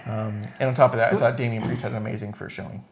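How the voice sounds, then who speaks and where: A man's voice: on the low side, very fast, gravelly, a little hiss or hum. A man co-hosting a casual wrestling podcast, swearing freely and acting out what wrestlers and referees said. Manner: profane, animated, acts out quotes. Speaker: podcast co-host.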